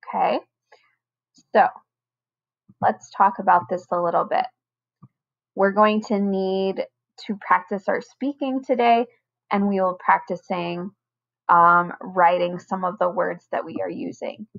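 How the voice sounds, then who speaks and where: Slow, patient first grade teacher woman. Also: mid-range voice, vocal fry, lo-fi sound. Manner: slow, patient, over-enunciated teacher talk. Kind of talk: recorded online lesson for children.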